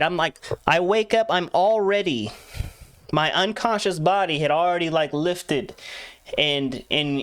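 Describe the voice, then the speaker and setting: A man's voice: fairly high pitch, fairly bright tone, dry recording. A young man telling a story in a casual, rambling way, laughing often and acting out quotes of himself and others. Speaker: vlogger.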